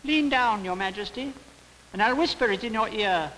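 A man voicing a wise little old man with a long beard in a storybook reading, speaking gently and confidingly over background music. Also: high voice, moderate pace, long reverb tail, slight background noise, pitched above the performer's own voice, rough recording. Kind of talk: storybook character voice.

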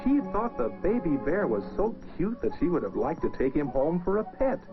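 A man narrating a children's story in a gentle, lilting voice, speaking to young listeners. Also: on the high side, sing-song, normal speed. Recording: dull lo-fi record with music.

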